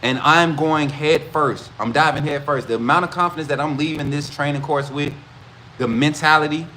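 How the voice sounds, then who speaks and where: A man's voice: fairly high pitch, moderate pace, a little hiss or hum. Hyped man hosting a livestream. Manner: animated, repetitive, hype-driven. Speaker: host of a college football livestream. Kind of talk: casual livestream talk to chat.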